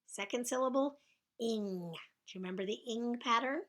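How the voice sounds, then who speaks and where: A woman teacher giving slow spelling dictation to young children, stretching out sounds and cheering them on. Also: mid-range voice, fairly bright tone.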